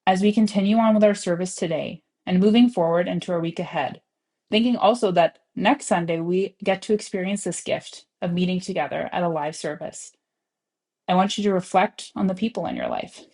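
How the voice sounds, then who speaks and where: A woman's voice: fairly low pitch, expressive, moderate pace, a little mellow. A woman with a Canadian English accent giving an earnest, encouraging devotional message and prayer at a church service. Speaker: speaker giving the opening devotional.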